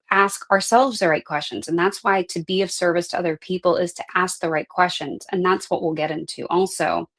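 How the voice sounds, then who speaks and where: Woman, middle-aged, life coach, lowish voice, earnest conversational teaching. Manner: earnest, conversational, frequent "right?" tags. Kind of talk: live online class talk.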